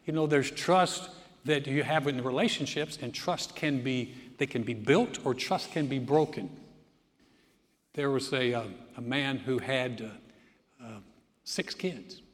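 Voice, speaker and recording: A man's voice: medium pitch, measured pace. A middle-aged male pastor preaching a sermon in a church sanctuary, telling funny stories and acting out other people's voices. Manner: storytelling with jokes and acted-out voices. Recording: long hall reverb.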